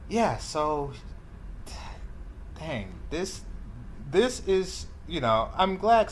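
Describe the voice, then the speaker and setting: A man's voice: mid-range voice, a little hiss or hum. A man hosting a reaction video, giving sarcastic, rambling commentary full of fillers. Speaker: commentary channel host.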